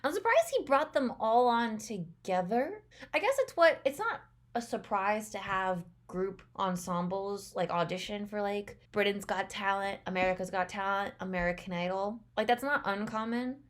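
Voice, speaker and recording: A woman's voice: mid-range voice, lively intonation. Chatty young woman reacting to a trailer. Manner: chatty, rambling, quick to laugh. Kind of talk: casual reaction commentary.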